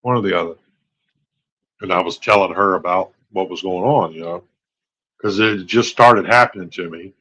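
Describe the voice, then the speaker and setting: A man's voice: sits low, normal speed, pauses often, pushed and bright, muffled recording. A man in his forties hosting a late-night live stream, telling a personal story in a candid, rambling way that turns exasperated. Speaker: host.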